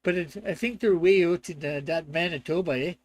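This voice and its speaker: A hammy, stereotyped Canadian guy who tacks "eh" onto everything, as a man puts him on. The voice sits high and loud, with a broad, exaggerated drawl. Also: a little fast, no echo, close to an everyday voice.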